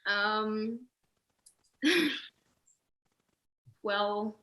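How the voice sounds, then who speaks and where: A woman's voice: medium pitch, flat delivery, extremely slow, dull audio. A teenage Australian girl answering interview questions over a video call, hesitant with many ums and little laughs. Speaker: guest, young singer.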